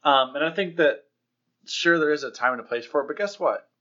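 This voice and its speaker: A man's voice: on the high side, a little fast, sharp tone. Laid-back, blunt young man on a podcast. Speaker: podcast co-host. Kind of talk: casual podcast chat. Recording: dull lo-fi podcast audio.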